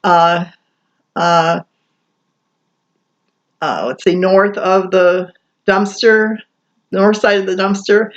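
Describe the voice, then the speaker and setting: A woman's voice: mid-range voice, fairly even intonation, slow pace, long pauses. Rambling woman in a muffled home recording. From Michigan, USA. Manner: rambling, many fillers and restarts. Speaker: vlogger. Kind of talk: rambling casual monologue. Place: apartment kitchen at night.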